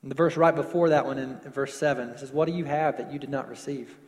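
A man preaching a sermon, stretching words for emphasis and dropping to softer closing lines. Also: medium pitch, steady tone, long reverb tail. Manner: preaching with slowed emphasis and falling soft endings. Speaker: pastor.

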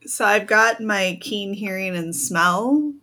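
A woman playing a tabletop game, chatting her character's actions in an unhurried way with lots of fillers. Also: mid-range voice, sharp tone. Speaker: player. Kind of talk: casual tabletop game play.

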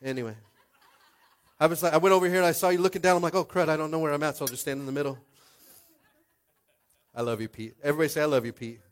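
A young man preaching a sermon as pastor, conversational and animated, calling out to the congregation. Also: on the high side, very fast, long pauses.

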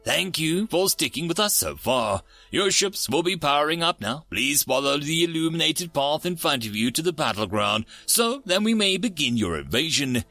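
A man's voice: fairly high pitch, big pitch swings, moderate pace, hardly any pauses, sharp tone, dry recording, faint music behind, full character voice. A man voicing an overly polite male starship captain who speaks like a customer service agent. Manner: courteous, customer-service phrasing. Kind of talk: scripted story narration.

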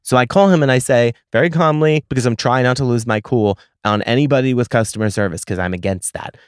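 A man hosting a podcast, telling a story as an exasperated, profane rant that swings from low muttering to loud outbursts. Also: fast talker, smooth, no echo, studio quality. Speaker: podcast host. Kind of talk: ranting storytelling.

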